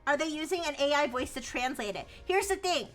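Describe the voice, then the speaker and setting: Young woman, high-pitched, bright voice, animated, laughing, rambling, casual stream chat, faint music behind. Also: fairly quick. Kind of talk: casual live-stream chat reacting to news.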